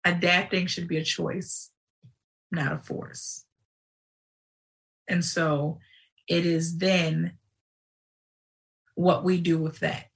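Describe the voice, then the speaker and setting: A woman hosting a live show in casual livestream talk, animated and digressive, with sudden outbursts. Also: fairly low pitch, slow, vocal fry, long pauses, far from the mic, rough recording.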